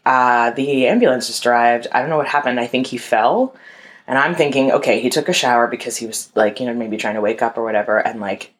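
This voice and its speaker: A young adult woman telling a personal story in a candid, conversational way, full of "like" and calling listeners y'all. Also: a bass voice. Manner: candid, conversational, frequent "like" fillers.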